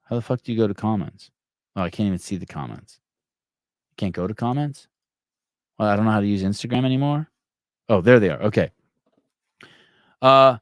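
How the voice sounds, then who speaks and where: With a fairly low, expressive voice, the host talks briskly but leaves long pauses while reading viewer comments on a casual live stream. He's profane and self-mocking, rambling with many stammered restarts. The recording is dry and studio-quality.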